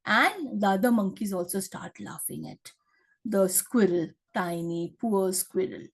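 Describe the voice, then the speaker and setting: A woman's voice: medium pitch, animated, measured pace, vocal fry. A woman teacher, explaining a story in a chatty way with many fillers and checks. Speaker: English teacher. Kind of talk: explaining a lesson.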